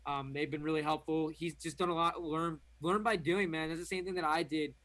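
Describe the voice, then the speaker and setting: A man's voice: on the high side, fairly even intonation, brisk, a bit bright, no room sound. A young man, a company founder, talking in a casual and enthusiastic way as an interview guest. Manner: upbeat, enthusiastic, filler-heavy. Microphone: remote stream.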